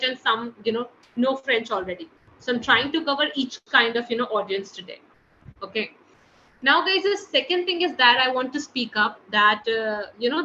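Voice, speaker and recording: A woman's voice: sits high, sharp tone, lo-fi sound, a little hiss or hum. A woman teaching a French class online in a chatty way, often calling the students guys, heard over a computer mic on a video call. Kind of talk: online language webinar.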